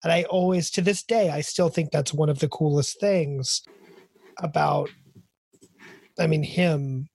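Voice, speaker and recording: A man's voice: a little high, measured pace, gravelly, pauses often, a little mellow, husky, no room sound. A man hosting a podcast in casual chat, enthusiastic and chatty, with lots of filler words. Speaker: podcast host.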